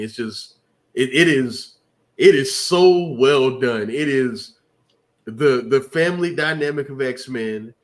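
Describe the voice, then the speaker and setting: A man with a mid-range voice talks with real enthusiasm in a casual review chat. He stresses his points and often repeats words as he gets going. He sounds like an eager podcast co-host. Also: medium pitch.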